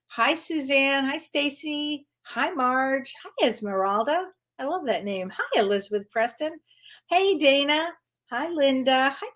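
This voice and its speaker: A chatty woman hosting a casual livestream, her voice sitting a bit high. She greets her viewers one by one and breaks into easy laughter as she talks. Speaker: spiritual medium and psychotherapist hosting a live Q&A.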